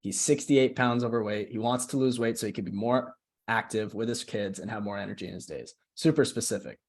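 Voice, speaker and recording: A man's voice: on the low side, a little fast. A young man casually walking a group call through a screen-share tutorial, often checking in with "right?". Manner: casual, chatty, keeps asking "right?". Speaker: social media coach.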